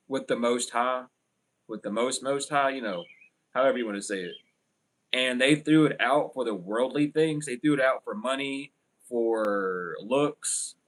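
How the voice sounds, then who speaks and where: A man giving a casual livestream tarot reading, rambling and blunt, with lots of fillers. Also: medium pitch. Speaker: tarot reader.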